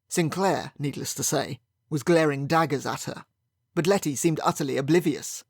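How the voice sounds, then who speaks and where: A man's voice: fairly high pitch, normal speed, no room sound, studio quality. A man narrating a first-person mystery audiobook in a wry, sardonic manner.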